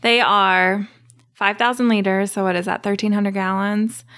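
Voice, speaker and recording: A woman's voice: mid-range voice, level tone, normal speed, fairly bright tone. A woman explaining her distilling work as a guest on an interview show. Her talk is casual and full of detail, with a few "you know"s scattered through. Her voice sits in a mid range.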